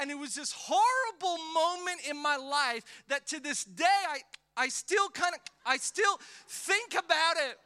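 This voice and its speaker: A man in his thirties, a pastor, preaching a sermon in a church in a lively, conversational way, telling personal stories and acting out quotes with many restarts. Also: extremely high pitch, moderate pace, clear, resonant tone. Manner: animated, conversational, lots of restarts and acted-out quotes.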